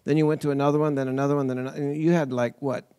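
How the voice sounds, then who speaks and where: A man co-hosting a podcast, building a reflective point in a conversational way with quick restarts. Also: medium pitch, little pitch movement, mellow, clear, resonant tone, no room sound, clean studio sound. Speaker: podcast co-host. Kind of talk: conversational interview.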